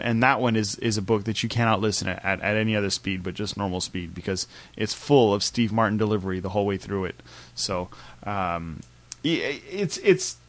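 Halting, enthusiastic male podcast host. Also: fairly low pitch, a bit bright. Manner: halting, filler-heavy, enthusiastic. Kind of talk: casual chat.

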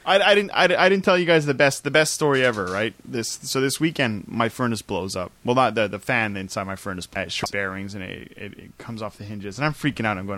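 A man's voice: fairly low pitch, fairly quick, hardly any pauses, fairly bright tone, no echo. A man in his thirties from Canada, telling a story in a casual chat, acting out quoted voices and laughing often. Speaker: podcast co-host.

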